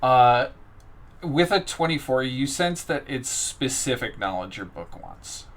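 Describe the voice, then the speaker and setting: A man's voice: medium pitch, lively intonation, measured pace, fairly bright tone, a little hiss or hum. A man narrating and explaining rules as game master in a casual tabletop session. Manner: casual, joking asides.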